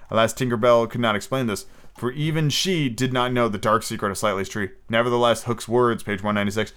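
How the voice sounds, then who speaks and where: A man's voice: mid-range voice, fairly even intonation, fast talker, a bit bright. A man hosting a podcast, reading a novel aloud with casual asides and self-corrections. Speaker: podcast host.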